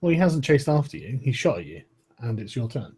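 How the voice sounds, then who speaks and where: Husky guy running a tabletop game, voice swings up and down a lot. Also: medium pitch, big pitch swings, brisk, a little mellow. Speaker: game master.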